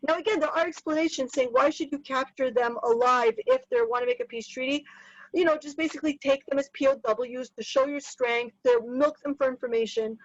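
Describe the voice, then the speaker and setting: A woman teaching a casual Torah lesson, chatty and lively, tossing in Hebrew terms and quick asides. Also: high voice, no echo, muffled recording. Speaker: Bible teacher.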